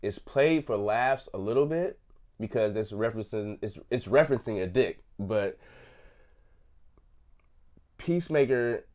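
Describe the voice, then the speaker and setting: A man's voice: fairly low pitch, lively intonation, unhurried, long pauses, a little mellow. A young man hosting a casual review, loosely retelling scenes in slang and laughing often. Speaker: host reviewing a TV episode. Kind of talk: casual chat.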